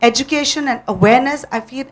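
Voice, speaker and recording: A woman's voice: high-pitched, fast talker. A woman who hosts a television show, speaking earnestly and persuasively on a panel. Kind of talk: panel discussion.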